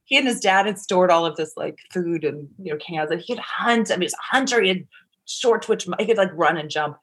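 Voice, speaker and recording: A woman's voice: lowish voice, fairly quick, fairly bright tone, breathy edge. A middle-aged woman telling a personal story as an interview guest, rambling with lots of "like" and frequent swearing. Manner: rambling, profane, heavy use of "like".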